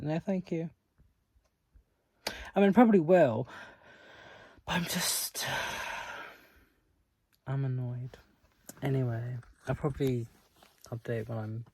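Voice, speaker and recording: A man's voice: medium pitch, dark tone, no room sound. A man talking casually in a reading-update vlog, ranting in exasperation and filling his talk with "like" and swearing. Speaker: book vlogger.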